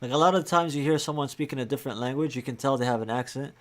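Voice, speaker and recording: Man, stream host, mid-pitched voice, relaxed chatty commentary, casual fillers. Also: very fast. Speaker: reaction channel host.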